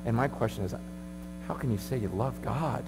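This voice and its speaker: A man preaching a sermon at a conference, moving from hushed pleading to shouting. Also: medium pitch, normal speed, gravelly. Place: large conference hall. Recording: echoey hall with mains hum.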